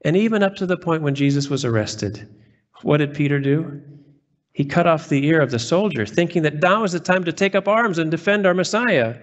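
A man's voice: on the high side, brisk, lo-fi sound. A man preaching a sermon as pastor, reading scripture aloud and stressing quoted words earnestly.

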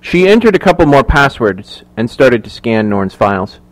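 A man narrating a thriller audiobook in measured, even storytelling. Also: mid-range voice. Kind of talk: scripted narration.

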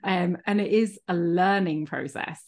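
A woman's voice: fairly low pitch, a little slow, darkish tone. Frank middle-aged woman hosting a chat. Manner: frank, open, laughs easily. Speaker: podcast host, coach. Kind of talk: casual interview chat.

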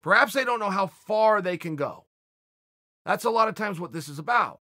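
Blunt male motivational speaker, high and bright, very lively delivery. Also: moderate pace, dry recording, clean studio sound. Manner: blunt, emphatic, swears for emphasis. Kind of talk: motivational speech.

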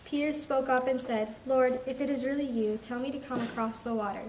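A woman's voice: high-pitched, steady tone, a little fast. Woman narrating scripture in an echoey hall. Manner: reads aloud, restarting over stumbles. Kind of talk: scripture reading narration for a skit. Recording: distant echoey hall with background noise.

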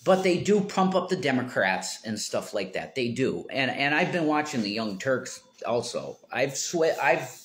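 A middle-aged man talking in a rambling, casual monologue, trailing into mumbles and then rising into loud exasperation. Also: mid-range voice, sing-song, unhurried. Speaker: political commentator.

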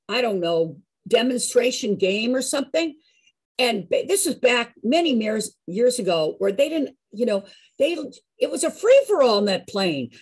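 A woman in her sixties telling a personal story in an animated, chatty way, with a husky voice. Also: on the high side, poor audio. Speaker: show regular.

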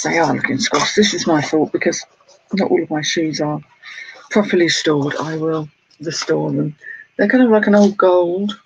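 A man's voice: fairly high pitch, creaky. A British man chatting casually as an online reseller, showing his sales and greeting viewers in a self-deprecating way. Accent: British English. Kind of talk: casual vlog chat. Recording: slightly dull lo-fi sound with faint noise.

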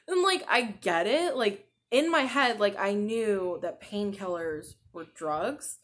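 A woman in her thirties hosts a casual podcast, talking in a loose, rambling way with plenty of filler words. She is short on sleep as a new mother. Her voice sits at an ordinary, middle pitch. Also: lively intonation, takes it slowly, hardly any pauses, a bit bright. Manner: chatty, rambling, peppered with "like". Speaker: podcast host. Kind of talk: casual chat.

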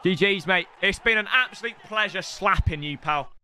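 A young man giving excitable gameplay commentary as a streamer, trash-talking his opponent and shouting at big moments. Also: high-pitched, normal speed, slight background noise.

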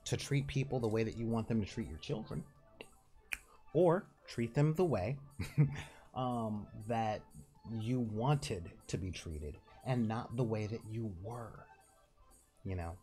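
A man's voice: lowish voice, animated, slow, pauses often, warm tone, soft background music. A man with a nasal voice hosting his own channel, talking casually and rambling with laughs and restarts. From Southern California. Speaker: channel host. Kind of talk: casual direct-to-camera talk.

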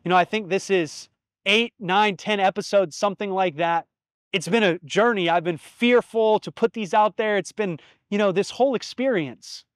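Hosting his podcast alone, a man in his thirties speaks at a moderate pace in a fairly high voice. He reflects and tells stories sincerely, from the heart, with offhand swearing; the sound is dry and close, with no echo from the room.

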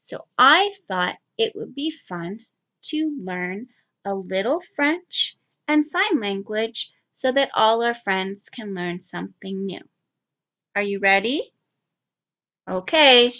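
A young woman teaching young children, speaking clearly and prompting them to repeat words after her. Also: medium pitch, pushed and bright. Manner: enunciates slowly, prompting kids to repeat.

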